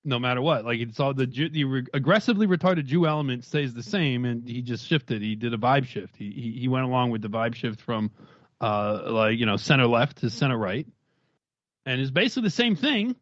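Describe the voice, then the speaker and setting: A man's voice: medium pitch, expressive, brisk, no room sound, dull audio. A man talking in casual stream commentary, rambling in long run-on thoughts with frequent restarts. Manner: rambling, discursive, many restarts.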